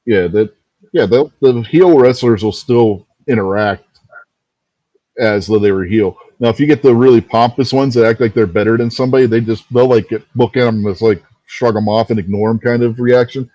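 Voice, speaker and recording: A man's voice: lowish voice, moderate pace, dark tone, no echo, muffled recording. A man co-hosting a casual wrestling talk show, rambling a little and laughing easily as he talks. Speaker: podcast co-host.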